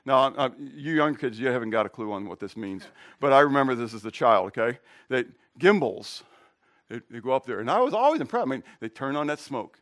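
A man's voice: medium pitch, very animated, brisk, a bit bright. A middle-aged male pastor preaching a conversational sermon, asking the congregation questions and telling jokes and personal stories.

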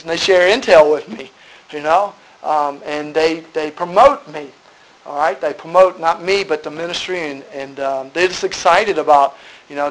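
A man's voice: on the high side, a bit bright, poor audio. A middle-aged man, a ministry leader giving an earnest presentation to a church group and repeating points for emphasis. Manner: earnest, repetitive, preacherly emphasis.

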